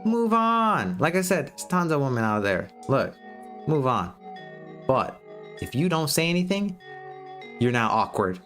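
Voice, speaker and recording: An American man talks straight at his viewers in a casual livestream, blunt and profane as he lectures. His pitch swings up and down a lot as he talks. A little music plays quietly behind him. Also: very animated, a little slow, pauses often. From United States. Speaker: streamer giving dating advice.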